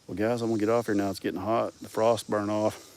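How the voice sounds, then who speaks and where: A man's voice: lowish voice, flat delivery, fast talker, a little mellow, slight background noise. A man from Arkansas with a Southern accent, telling rambling, profane stories in a casual vlog, his words running together. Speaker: vlogger.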